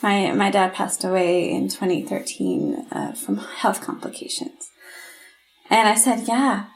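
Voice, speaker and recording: A woman's voice: mid-range voice, big pitch swings, unhurried, in a whisper, faint music behind, poor audio. A middle-aged woman, a podcast guest, telling a painful personal story in an earnest, heartfelt way. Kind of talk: candid interview storytelling.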